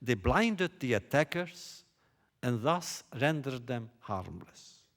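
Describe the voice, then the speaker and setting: A man giving a lecture on a biblical text, posing rhetorical questions in a deliberate way. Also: medium pitch, sing-song, fairly bright tone. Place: lecture hall stage.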